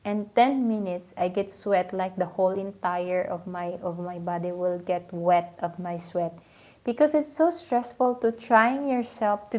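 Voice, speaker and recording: A woman's voice: mid-range voice, darkish tone. Chatty Filipino-accented woman. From Philippines. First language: Filipino language. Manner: chatty, many fillers and restarts, lots of "you know". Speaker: livestream host. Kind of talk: casual livestream chat.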